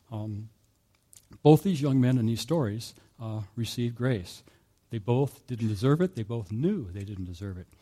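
Man, pastor, warm tone, conversational sermon, chuckles and fillers. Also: medium pitch. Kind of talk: sermon storytelling.

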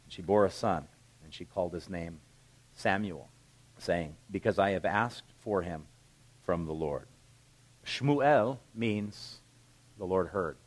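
A middle-aged male pastor preaching a sermon, reading scripture aloud and then explaining it in a relaxed, conversational way. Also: low voice, takes it slowly, pauses often, poor audio.

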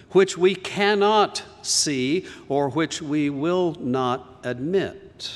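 Slow-preaching man in a reverberant hall. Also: mid-range voice. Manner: slow, earnest preaching with emphatic rises. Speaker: pastor. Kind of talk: sermon.

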